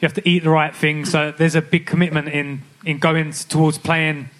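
A man's voice: a little high, little pitch movement, normal speed, a bit bright. A young adult man, a professional footballer, answering candidly on a live podcast stage and often restarting his sentences. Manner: candid, reflective, frequent restarts. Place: live stage event at a club.

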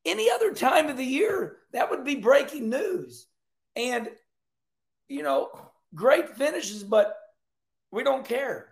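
A folksy man in his sixties talks racing on his own show, laughing and repeating himself as he goes. His voice is high for a man and gravelly, and it rings in an echoey room. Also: animated, takes it slowly, pauses often. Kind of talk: casual commentary.

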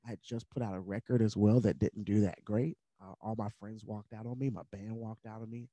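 A man speaks as a podcast guest, sharing his story in an earnest, candid and casual way. His voice sits low with a warm, mellow tone. The recording is dry and close. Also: fairly even intonation, brisk, no echo. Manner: earnest, candid, at times emotional; conversational with fillers like uh and like. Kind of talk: personal storytelling in conversation.

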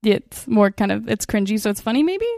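A woman's voice: mid-range voice, big pitch swings, brisk, vocal fry, dark tone, no room sound, studio quality. A young woman from Washington state co-hosting a podcast, chatting in a bubbly, jokey, rambling way with lots of fillers. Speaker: podcast co-host. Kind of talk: casual chat.

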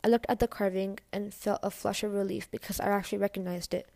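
A woman's voice: medium pitch, flat delivery, fast talker, vocal fry, a little mellow, no room sound. A woman reading a novel aloud in a casual, first-person storytelling way. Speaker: audiobook reader.

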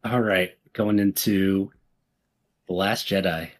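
A man's voice: sits low, steady tone, slow pace. A man co-hosting a casual podcast chat, laughing and self-deprecating. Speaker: podcast co-host.

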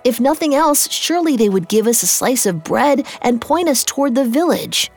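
A woman voicing a hopeful, eager young boy who exclaims excitedly. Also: on the high side, normal speed, faint music behind, voice pushed up. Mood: coaxing.

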